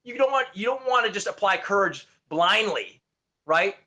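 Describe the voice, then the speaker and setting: Male motivational speaker, high and bright tone, energetic, rambling restarts. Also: moderate pace. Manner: energetic, repeats words and restarts, addresses listeners as guys. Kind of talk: motivational talk.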